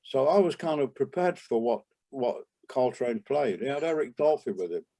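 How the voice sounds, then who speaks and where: An older man, a jazz trumpeter, reminiscing in a relaxed interview, rambling with many restarts and asides. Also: mid-range voice, moderate pace. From England.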